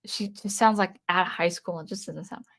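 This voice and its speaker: A woman's voice: on the low side, a little fast. A woman in her thirties chatting casually on a livestream as host, rambling and candid, often correcting herself mid-sentence. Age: 30s. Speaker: channel host.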